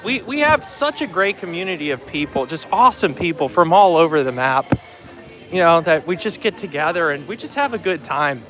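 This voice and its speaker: A man's voice: on the high side, very animated, a little fast, over music. A man hosting a casual live vlog outdoors in a theme park. He chats freely on a handheld phone and greets viewers by name as he walks. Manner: chatty, greets viewers by name while walking. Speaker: livestream host.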